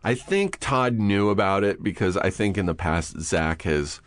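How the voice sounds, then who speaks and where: A man's voice: on the low side, lively intonation, measured pace, no echo. A man hosting a podcast in a small studio room, chatting casually and telling stories, swearing freely and acting out the voices of people he quotes. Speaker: podcast host. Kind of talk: casual chat.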